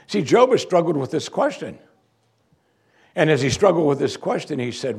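A man's voice: medium pitch, expressive, moderate pace, vocal fry, long pauses, a little mellow, husky. A male pastor preaching a sermon in a church, emphatic and full of rhetorical questions.

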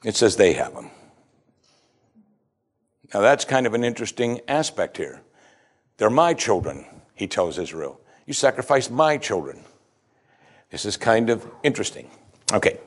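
A man's voice: lowish voice, sing-song, a little slow, long pauses. Man preaching an emphatic sermon. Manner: reads scripture aloud, then explains it conversationally; emphatic, often rising to stress a point. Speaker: pastor.

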